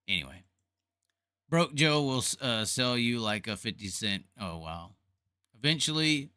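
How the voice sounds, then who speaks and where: A man's voice: mid-range voice, bright, forceful tone, clear, resonant tone, dry recording, clean studio sound. A man hosting a casual livestream, rambling and joking at his own expense. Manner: rambling, joking, self-mocking. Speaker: livestream host.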